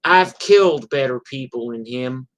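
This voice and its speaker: A man voicing a tough older male biker and war veteran who speaks bluntly and with quiet menace. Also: medium pitch, expressive, a little slow, close to an everyday voice.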